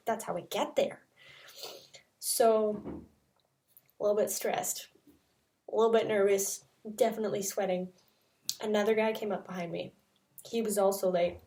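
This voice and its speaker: A woman's voice: mid-range voice, a little mellow, far from the mic. A young woman from Canada, telling a travel story in a casual, chatty way full of "like" fillers. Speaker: vlogger.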